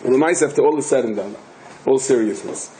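Speaking fairly quickly in a mid-range voice, an older rabbi gives an animated, joke-filled Torah lecture built on stories, restarting his sentences frequently. The background is noisy.

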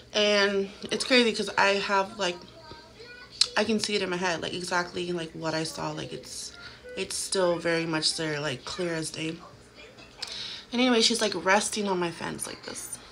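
A woman's voice: fairly low pitch, unhurried, long pauses, bright, forceful tone. A woman in her thirties telling a haunting story to a phone camera at home, casual and chatty, full of "like" fillers. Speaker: vlogger.

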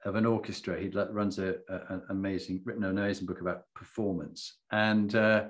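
A man hosting an interview, telling stories in an animated, self-deprecating way. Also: sits low, a little fast. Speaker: podcast host. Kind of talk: casual interview chat.

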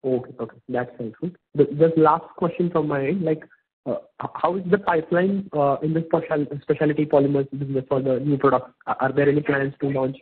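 A man calling in as an analyst, asking his questions haltingly and repeating himself. His voice is very muffled and unclear. It comes through a poor speakerphone over a phone line. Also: on the high side, fairly even intonation, husky. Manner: halting, repetitive. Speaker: analyst caller. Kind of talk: earnings call question.

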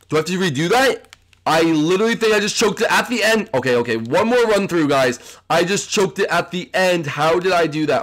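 Male gaming host, higher voice, excitable play-by-play commentary. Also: a little fast. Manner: excitable, keeps addressing viewers as "guys". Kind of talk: gameplay commentary.

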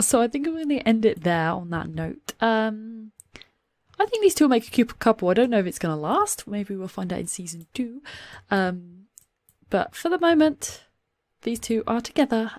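A woman hosting a gaming channel chats through a let's play, gasping and giggling at the drama. Her mid-range, darkish voice is captured on a desktop USB microphone in studio quality, with no room sound.

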